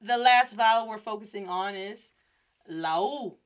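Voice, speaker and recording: A woman hosting a lively Spanish lesson, playfully acting out little scenes and drilling words for her class to repeat. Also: mid-range voice, normal speed, soft background music. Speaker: Spanish teacher and host. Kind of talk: energetic language lesson.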